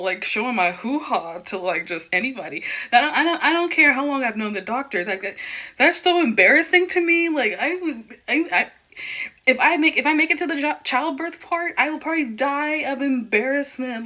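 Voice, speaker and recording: Bright-voiced young woman ranting to camera. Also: mid-range voice. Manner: emphatic, repeats and restarts words when worked up. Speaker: vlogger. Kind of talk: candid personal vlog rant.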